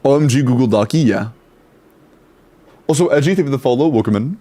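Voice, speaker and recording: Young adult male streamer, relaxed chatter, quick greetings, casual cursing. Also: medium pitch. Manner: chatty, greets chat rapidly, swears casually. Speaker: streamer reviewing game accounts. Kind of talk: casual live stream chat.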